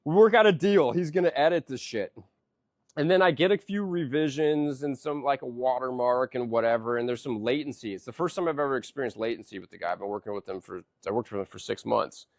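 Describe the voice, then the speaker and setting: A middle-aged man hosting a podcast, telling a profane, animated story in casual chat. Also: mid-range voice, quick pace, no room sound, clean studio sound. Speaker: podcast host.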